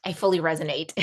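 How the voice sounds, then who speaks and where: A woman's voice: deep voice, breathy edge. A woman hosting a book club, emotional and affirming as she responds. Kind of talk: casual group discussion.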